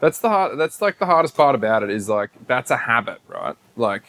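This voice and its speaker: A man's voice: medium pitch, big pitch swings, fairly quick, a bit bright. A man co-hosting a podcast, chatting casually, laughing along and chiming in. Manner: easygoing, laughs along, chimes in. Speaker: podcast co-host. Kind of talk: casual chat.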